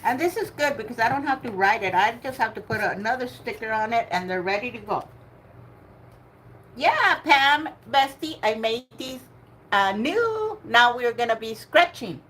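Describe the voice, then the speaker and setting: An older woman leads a laid-back bingo game on a livestream, chatting away, laughing often and greeting viewers by name. Her voice is a little high and a bit bright, expressive, and paced moderately.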